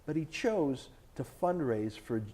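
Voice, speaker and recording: Man, interview guest, emphatic, argumentative, animated pitch, warm darker tone. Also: measured pace. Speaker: author and TV host, interview guest. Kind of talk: sit-down interview. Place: indoors, filmed interview.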